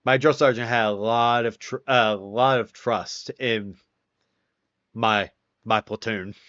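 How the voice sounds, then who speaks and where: A man's voice: on the low side, steady tone, slow pace, fairly bright tone, no echo. A man hosting a casual stream chat, telling stories with lots of swearing and acting out the quotes himself. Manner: profane, wry storyteller acting out quotes. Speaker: streamer, host. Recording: dull, dry, lo-fi sound.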